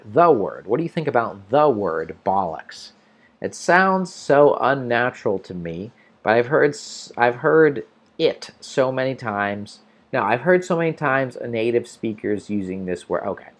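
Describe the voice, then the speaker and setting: An American man hosting an English-learning livestream, casually answering viewer comments and thinking aloud with restarts. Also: mid-range voice. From United States.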